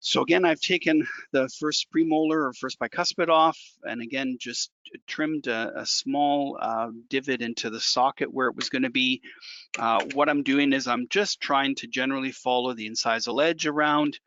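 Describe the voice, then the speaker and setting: A man's voice: mid-range voice, moderate pace, bright, forceful tone, slight background noise. A man working as a dental technician instructor, walking through a hands-on demonstration in a conversational way and repeating key points for emphasis. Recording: dull dry lo-fi recording.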